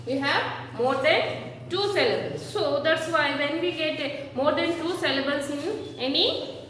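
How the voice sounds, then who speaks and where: High-voiced lady teacher talking real slow, far off the mic, long echo. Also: a bit bright, slight background noise. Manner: slow, repeats word forms for children. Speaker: schoolteacher. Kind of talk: classroom grammar lesson. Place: classroom. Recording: echoey room, far from mic.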